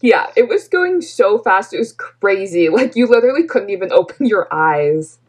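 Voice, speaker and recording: A woman's voice: mid-range voice, sing-song, moderate pace, a little mellow, breathy edge. A young woman from Canada chatting casually, filling her talk with "like" and laughing often. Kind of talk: casual chat.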